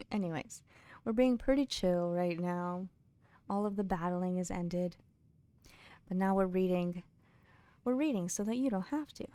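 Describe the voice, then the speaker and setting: A British woman streaming a game live, chatting casually with viewers and reading in-game books aloud, laughing often and dropping into soft mutters. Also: mid-range voice, dry recording.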